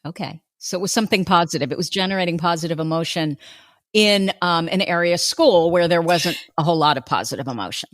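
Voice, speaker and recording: A woman's voice: lowish voice, fast, no room sound, studio quality. A woman hosting a podcast, asking friendly, curious questions in a casual chat. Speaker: podcast host.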